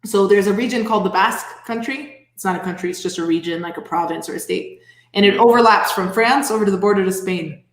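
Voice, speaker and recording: A woman's voice: medium pitch, fast talker, echoey room. A woman talking as a guest fiddler and music teacher in casual chat, laughing often as she speaks. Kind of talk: casual chat on a live show.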